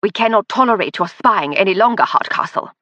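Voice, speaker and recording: A woman's voice: medium pitch, animated, a little fast, bright, forceful tone, no room sound, muffled recording. Woman doing a sneering male spy. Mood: menacing. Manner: sneering, coldly polite. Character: arrogant German male spy, cold and mocking.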